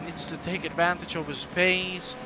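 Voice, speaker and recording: A man calling a live sim race, animated and jokey, hyping up the viewers. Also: sits high, moderate pace, heavy background noise. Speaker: lead sim racing commentator.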